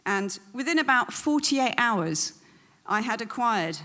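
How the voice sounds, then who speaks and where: A woman from England with a southern English accent, giving an earnest prepared welcome speech as event host, pausing on frequent ums. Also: on the high side, lively intonation, sharp tone. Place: event venue hall.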